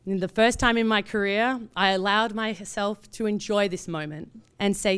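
An Australian woman in her thirties, a producer, telling a personal story in an animated way and acting out the voices of the people in it. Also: mid-range voice, normal speed, clear, resonant tone.

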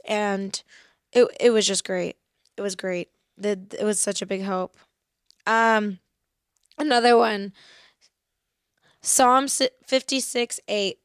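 A woman speaking earnestly and reflectively about faith, slowly reading scripture verses aloud. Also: medium pitch, fairly bright tone, smooth, no room sound, studio quality. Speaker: faith podcast host.

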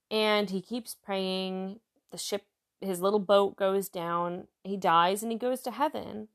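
A woman's voice: medium pitch, fairly even intonation, slow pace. Woman, casual joke reader, chatty, comments between jokes, mid-range voice. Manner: chatty, reads jokes aloud and comments on them.

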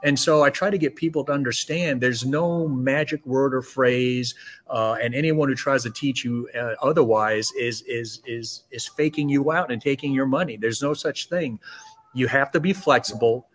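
A man co-hosting a podcast and explaining de-escalation as a security trainer, speaking emphatically in quick lists. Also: medium pitch. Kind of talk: conversational podcast talk.

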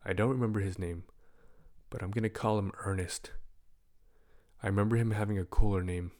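A man telling a comic story in a casual, profane and animated way. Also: brisk. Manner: profane and animated, with big swings in loudness and pitch.

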